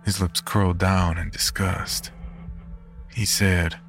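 A man narrating a horror story in a measured, grim manner. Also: sits low, level tone, fairly bright tone. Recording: narration over background music.

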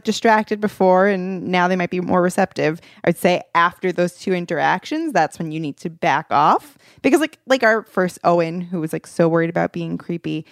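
A woman's voice: on the low side, dry recording, clean studio sound. A woman co-hosting a casual dating podcast, telling stories with frequent laughs. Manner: laughing storyteller. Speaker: podcast co-host.

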